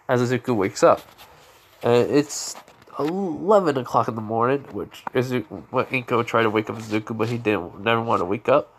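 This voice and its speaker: A man's voice: medium pitch, normal speed. A man improvising a fan story aloud, rambling, with many restarts and fillers. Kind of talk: improvised fan-fiction narration.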